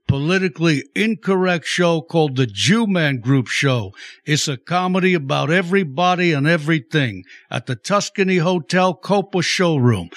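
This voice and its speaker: Guy doing a tough movie gangster in a radio ad, a bit high, dry close sound, menacing and pushy. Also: a bit bright, no echo. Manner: menacing, confrontational questioning. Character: impression of a tough-talking male movie gangster.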